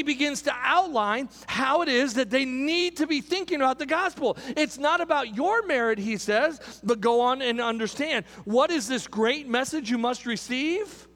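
A man with a very high voice preaches a sermon as pastor, driving his points home through emphatic repetition. His words ring out with the long reverb of a large hall. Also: expressive, normal speed, hardly any pauses, fairly bright tone.

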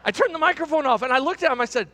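A middle-aged male pastor delivers a sermon in a strikingly high voice. His pitch leaps around as he tells the story, restarting phrases as he builds. The sound rings out with the long reverb of a large hall. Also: rapid-fire, slight background noise. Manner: animated storytelling, repeating words as he goes.

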